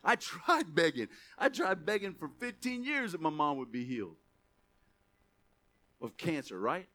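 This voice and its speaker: A man preaching a sermon as pastor, emphatic, rising to shouts and dropping soft. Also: fairly high pitch, very animated, a little slow.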